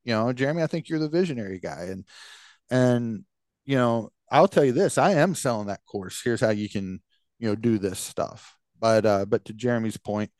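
A male podcast host talking casually and at length. He rambles and restarts his sentences at a middle pitch, recorded close with a dry sound. His delivery is easygoing and conversational. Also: animated, moderate pace, darkish tone, dry recording. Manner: rambling, many fillers and restarts.

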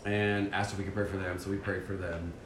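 A man with a lowish voice tells a church mission story in a casual, animated way, poking fun at himself and acting out his own thoughts. He sounds like he's in a roomy, echoey space. A faint rumble sits underneath. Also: fairly quick. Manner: animated, acts out his own inner voice, self-deprecating. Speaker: church member sharing a mission trip story.

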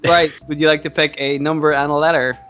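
A man's voice: fairly high pitch, little pitch movement, a little fast, fairly bright tone, muffled recording. A man co-hosting a casual podcast, joking, swearing freely and laughing often. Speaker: podcast co-host. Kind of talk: casual chat.

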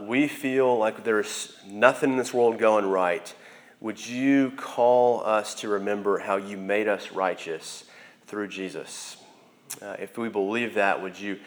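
Earnest low-voiced young male preacher. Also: unhurried. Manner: earnest, repeats words while searching for them. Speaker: campus minister. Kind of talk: sermon and closing prayer.

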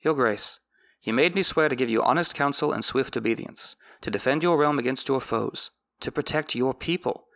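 A man's voice: mid-range voice, normal speed, fairly bright tone, close to an everyday voice. A man voicing an earnest, loyal middle-aged knight who speaks plainly and pleads his case.

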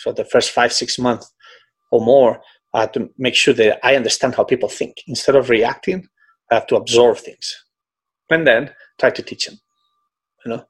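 A middle-aged man, a swim coach, telling stories in a conversational interview, animated and peppering his talk with "you know". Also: medium pitch, normal speed, husky. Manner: animated, frequent "you know", breaks into quoted voices.

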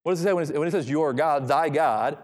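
A man's voice: fairly high pitch, fast, darkish tone. A man preaching an expository sermon, reading scripture aloud and repeating key phrases for emphasis. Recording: long hall reverb.

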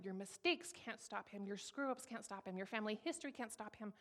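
A woman in her thirties gives a personal testimony, telling her story in a candid, humorous, lively way. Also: on the high side, fast talker, few pauses. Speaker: speaker giving a personal testimony.

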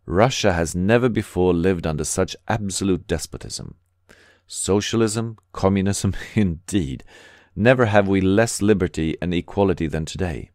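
A man's voice: low voice, normal speed, darkish tone, no room sound, studio quality. A man doing an emphatic, scornful pessimist.

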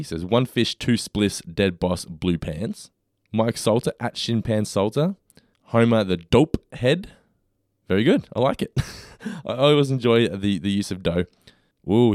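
A man's voice: lowish voice, a little mellow, no echo, studio quality. Upbeat podcast host man. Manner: upbeat, reads out listener suggestions. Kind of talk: casual podcast chat.

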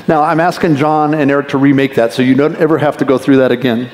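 A man preaching a sermon as pastor, talking to the congregation in a conversational, lively way with quick asides. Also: medium pitch. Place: church sanctuary. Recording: echoey church hall reverb.

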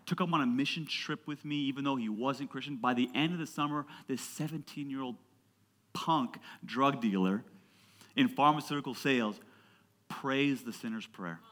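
A man in his thirties preaching a sermon to his church, emphatic and building to loud passionate peaks, calling on the congregation to answer back. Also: medium pitch, normal speed. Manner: call-and-response with the congregation. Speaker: pastor.

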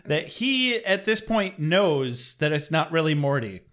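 A man's voice: a little high, big pitch swings, a little slow, fairly bright tone. A man co-hosting a podcast, casually reviewing a cartoon episode, rambling and swearing as he thinks aloud. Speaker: podcast co-host.

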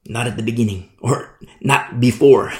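A man's voice: medium pitch, unhurried, echoey room. A man preaching a Bible sermon in an emphatic, rhetorical way, often asking "you see?".

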